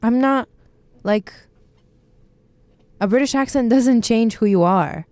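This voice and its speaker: A young woman in her twenties from Bulgaria, speaking English in a casual podcast chat, animated and opinionated. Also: on the high side, no room sound. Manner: animated, opinionated, quick asides. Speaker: podcast co-host, university student.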